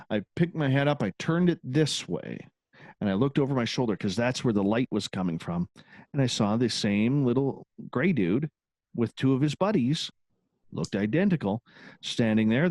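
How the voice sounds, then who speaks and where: A man's voice: mid-range voice, a little mellow, no room sound. A man, a guest who hosts his own radio show, telling a personal story in a casual, candid interview with occasional swearing.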